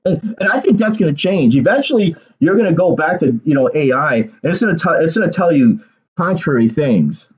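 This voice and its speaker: A man's voice: fairly high pitch, animated, brisk, highs cut off. Rambling man giving casual political commentary. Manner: rambling, repeats words, many fillers.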